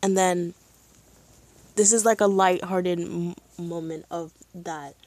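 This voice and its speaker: A woman streaming live, chatting casually and excitedly as a fan, with lots of "like" and "um". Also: on the low side, slow pace. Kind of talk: casual chat.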